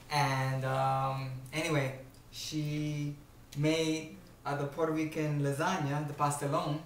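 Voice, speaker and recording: Man, casual vlog, hesitant, halting, roomy room at home. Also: on the high side, distant mic, slight background noise. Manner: hesitant, lots of ums and uhs. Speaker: helper on a cooking show.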